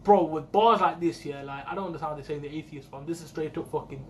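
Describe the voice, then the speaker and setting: A man's voice: fairly high pitch, fast, a little hiss or hum. A young British man reacting to an album in casual, slang-heavy, swear-filled commentary. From United Kingdom. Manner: slangy, swears often, excitable. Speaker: music reaction video host.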